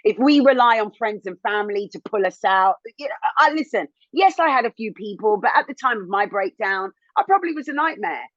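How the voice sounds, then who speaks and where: A woman in her thirties, a TV presenter, telling her own story as an interview guest in a candid, animated way, rising high when indignant. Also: brisk, few pauses, dry recording, lo-fi sound. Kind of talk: emotional personal testimony.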